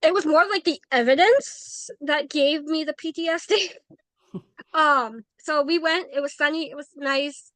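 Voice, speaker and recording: Brief: woman guest, fairly high voice, chatty storyteller who acts out every quote, dry close sound. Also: a little slow, no echo. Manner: animated, acts out quoted dialogue, frequent "like". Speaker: paranormal investigator, guest. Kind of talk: casual interview storytelling.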